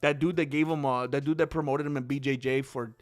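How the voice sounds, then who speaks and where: A man hosting a casual livestream, rambling and animated as he chats with viewers. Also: medium pitch, a little fast. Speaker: livestream host.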